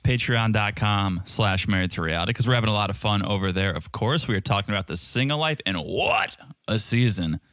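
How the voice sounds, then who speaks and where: A man co-hosting a casual podcast, his voice swinging lively up and down as he jokes and banters. The sound is dry and close, with no room around it. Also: fairly low pitch, brisk, no echo. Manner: joking, playful banter. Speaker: podcast co-host.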